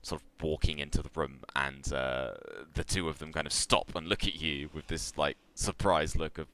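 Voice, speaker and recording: A man with an extremely deep, smooth, resonant voice running a tabletop game as game master. He narrates in a relaxed, loose way and often pauses with fillers.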